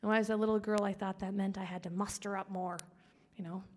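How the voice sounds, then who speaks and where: A woman sharing a personal testimony. She speaks earnestly and often drops to a hushed whisper. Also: medium pitch, level tone, quick pace, long reverb tail.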